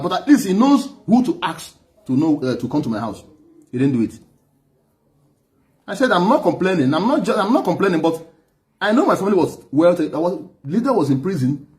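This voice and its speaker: A Nigerian man telling stories in an animated monologue, often laughing and repeating words, sometimes switching into Igbo. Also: on the high side. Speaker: activist giving a testimony.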